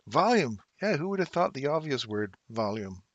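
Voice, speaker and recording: A man's voice: on the high side, animated, quick pace, dry recording, lo-fi sound. Chatty English-born man in his fifties. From England. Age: 50s. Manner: chatty, laughs often, talks to chat viewers by name. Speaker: livestream trading host. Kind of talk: casual live-stream chat while reading charts. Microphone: desk mic, moved close.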